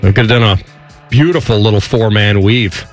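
A man's voice: fairly low pitch, fairly quick, faint music behind. A man hosting a sports radio show, talking casually and breaking down plays with a joking, analytical manner.

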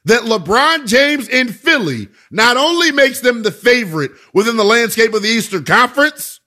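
A man's voice: very high voice, big pitch swings, normal speed, pushed and bright. A man hosting a sports talk radio show, delivering an emphatic, conversational monologue full of rhetorical questions.

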